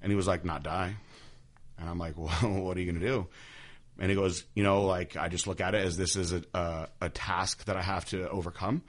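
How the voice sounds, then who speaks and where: A young man hosting a podcast, telling a personal story candidly, with many fillers and halting restarts. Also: sits low. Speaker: podcast host.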